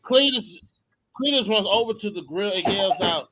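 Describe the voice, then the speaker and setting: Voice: medium pitch, normal speed, a crowd in the background. A co-host reading a wrestling storyline on a livestream, tossing in crude, joking asides. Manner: lively, profane asides. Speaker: co-host reader. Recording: noisy livestream audio.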